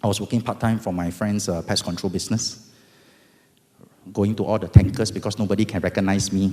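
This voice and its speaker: Lively Singaporean man telling his story. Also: lowish voice, fairly quick. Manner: animated, dramatic, bursts of loud emphasis. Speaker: speaker giving testimony. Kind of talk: storytelling testimony talk. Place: event hall. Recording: long hall reverb.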